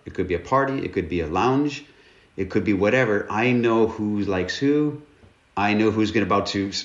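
A man, a guest author, telling stories candidly and earnestly in an interview. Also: fairly low pitch. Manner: earnest, candid, with repeated words. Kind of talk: conversational interview storytelling. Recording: roomy, dull-sounding recording.

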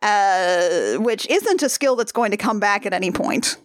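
A woman co-hosting a casual movie recap, wry and quick to laugh. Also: mid-range voice, expressive, dry recording, clean studio sound. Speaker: podcast co-host.

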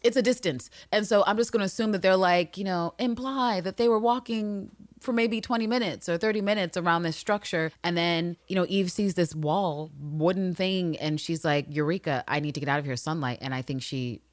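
A woman co-hosting a casual recap chat, talking in an animated, profane way. She acts out the characters' lines as she goes. The sound is dry and close, with little room behind her voice. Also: fairly low pitch, moderate pace, hardly any pauses, no room sound. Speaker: podcast co-host.

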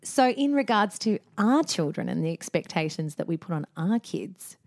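A woman's voice: on the low side, sing-song, normal speed. A woman co-hosting a podcast, chatting casually and teasing with playful interjections. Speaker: podcast co-host. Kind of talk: casual chat.

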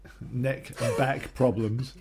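A man's voice: mid-range voice, fairly even intonation, slow, creaky, darkish tone. A middle-aged man from North London with a London accent, co-hosting a podcast and telling family stories in a modest, slightly awkward way. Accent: London English. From North London, England. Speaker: podcast co-host. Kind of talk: casual chat.

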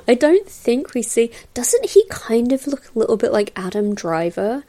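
Her voice is a little high and sing-song, warm in tone and measured in pace. She's a podcast host doing a casual film commentary, wandering from point to point with plenty of fillers and small laughs. It's recorded on a new podcast mic.

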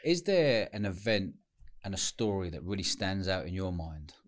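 A man's voice: low voice, very animated, normal speed. A man hosting a casual interview, mostly chipping in with short agreements and questions. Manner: frequent short agreements and laughs. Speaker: podcast host.

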